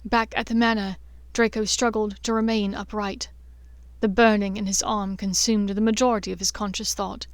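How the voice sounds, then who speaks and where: A woman narrating a fan-fiction audiobook in a measured, expressive reading. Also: medium pitch, clean tone, no room sound.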